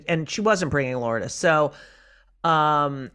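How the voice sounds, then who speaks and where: A middle-aged woman comedian, guest on a casual podcast, telling stories in an animated, profane way. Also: deep voice, slow pace, clean tone.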